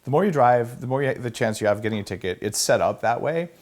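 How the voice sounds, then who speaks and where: A man hosting a podcast, asking questions and telling stories in a relaxed, casual way. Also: mid-range voice, quick pace. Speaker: podcast host. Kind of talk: casual interview talk.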